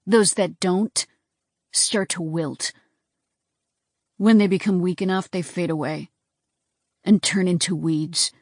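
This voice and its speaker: A woman reading an audiobook and voicing a cold, bored, sarcastic male captor with a deep voice. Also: steady tone, slow, long pauses, darkish tone, dry recording, studio quality. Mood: menacing.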